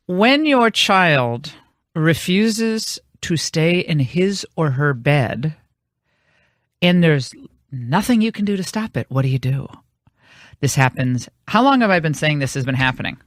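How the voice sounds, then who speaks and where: A woman's voice: sits low, expressive, takes it slowly, pauses often, no room sound, studio quality. A woman hosting a radio talk show, telling a long rambling anecdote in casual on-air chat. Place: radio studio.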